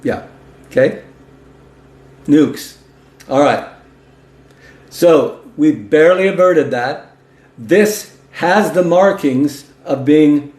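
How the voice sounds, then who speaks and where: A man's voice: a little high, a little mellow. Emphatic folksy man in a roomy space. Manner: folksy and emphatic, interjecting "okay?" and "listen to this"; reads news aloud and comments on it. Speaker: host. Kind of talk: political commentary monologue. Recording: roomy echo.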